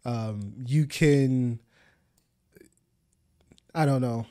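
A man's voice: medium pitch, very slow, dark tone, no echo, clean studio sound. A young man co-hosting a faith podcast, explaining his ideas in an earnest, patient way. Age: young adult. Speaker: podcast co-host. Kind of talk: casual faith discussion.

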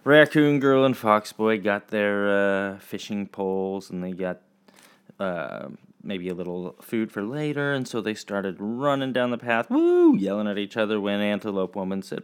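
A man teaching children, telling a story in a chatty, halting way full of fillers. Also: on the low side, very animated, clean tone.

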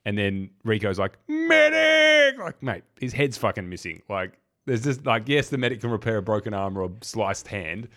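A man's voice: on the low side, a little fast. A man co-hosting a podcast, laid-back and blunt, mocking a film's plot holes in casual chat. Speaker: podcast co-host. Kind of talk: casual film review chat.

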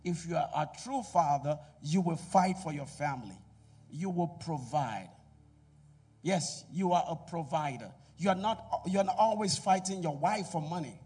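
A middle-aged man preaching a sermon in a church, calling out to the congregation and swinging between loud exhortation and quiet asides. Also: fairly high pitch, normal speed, breathy edge, far from the mic. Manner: preaching with call-and-response to the congregation. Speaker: pastor.

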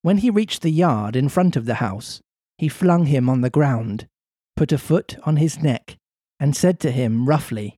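A man narrating a story aloud as a podcast host, with lively, playful delivery between the lines. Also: mid-range voice, a little slow, dry recording, clean studio sound. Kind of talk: story narration with comic banter.

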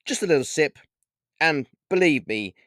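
An audiobook reader voicing a snooty, smug male vampire who was once a butler, with a drawn-out, pitched-up delivery. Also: animated, fairly bright tone, dry recording, studio quality. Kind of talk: audiobook character voice.

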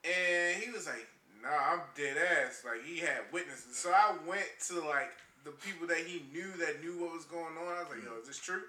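A man's voice: fairly high pitch, expressive, a little fast, hardly any pauses, sharp tone, roomy sound. A man casually telling a story on a podcast, with loose profanity and lots of quoted exchanges. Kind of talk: casual chat.

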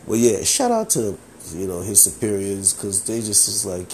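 A man hosting a solo podcast, talking casually, animated and profane, with lots of filler phrases. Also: fairly low pitch, normal speed, few pauses, a little hiss or hum. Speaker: podcast host.

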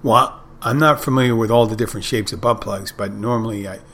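A middle-aged man talks through a casual podcast monologue, rambling from one anecdote to the next with a wry edge. His voice sits a little low. A faint hiss of noise runs under the recording. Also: a little fast, fairly bright tone. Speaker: podcast host.

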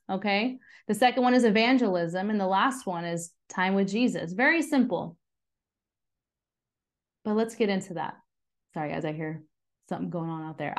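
A woman in her thirties, a mother giving a casual, earnest faith talk who chats with her listeners and asks them questions. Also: medium pitch. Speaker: mom sharing a devotional talk.

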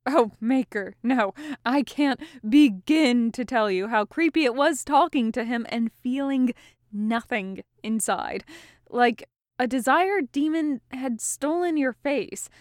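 An earnest, haunted young mage who speaks slowly and reflectively, as a woman reads him aloud. His voice is smooth and slightly high, and the recording is close and dry. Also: expressive, a little mellow, no room sound. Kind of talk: fan audiobook reading.

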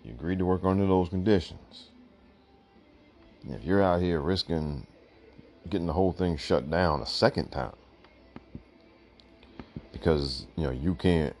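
Faint music plays behind a man whose low, somewhat mellow voice moves a little slowly with long pauses. Hosting his own show solo, he shares blunt, emphatic opinions, often repeating "look" to stress his points as he fights the hiccups.

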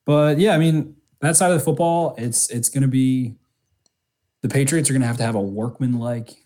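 A man's voice: medium pitch, moderate pace, mellow. A man co-hosting a sports podcast, talking casually with lots of restarts and fillers. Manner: rambling, many restarts and fillers. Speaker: podcast co-host.

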